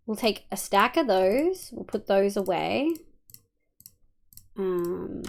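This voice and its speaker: A woman's voice: mid-range voice, sing-song, slow pace, vocal fry, pauses often. A woman with an Australian accent, casually streaming a game and chatting with viewers, rambling with lots of ums and muttering while she builds. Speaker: livestreamer.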